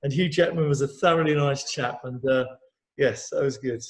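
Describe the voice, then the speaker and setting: A man's voice: mid-range voice, normal speed, slight background noise. A middle-aged man chatting openly as an interview guest, rambling cheerfully with repeated words and easy laughs. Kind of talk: casual chat.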